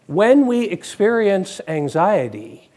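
A man's voice: high-pitched, very animated, slow pace, darkish tone. A man preaching a conversational sermon, asking his congregation questions.

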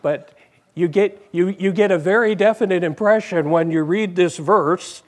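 A man's voice: high-pitched, moderate pace. A married man preaching a sermon in a conversational way, repeating phrases and putting questions to the congregation.

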